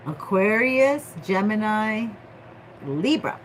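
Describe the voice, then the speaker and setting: A woman's voice: medium pitch, expressive, slow, a little hiss or hum, poor audio. A woman doing a casual tarot reading vlog, playful and slangy, joking with her viewers. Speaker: tarot reader.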